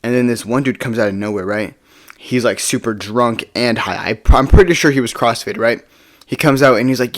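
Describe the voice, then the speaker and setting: A man's voice: mid-range voice, brisk. Young guy telling a party story, rambly, keeps saying right, middle voice. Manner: rambling, tags lines with "right?". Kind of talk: casual storytime.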